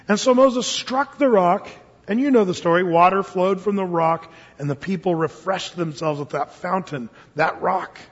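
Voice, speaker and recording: A man preaching a sermon in an animated way, joking and acting out the voices of the people in his story. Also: sits high, normal speed, husky. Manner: animated, laughing, acts out voices. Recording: dull sound in a reverberant hall.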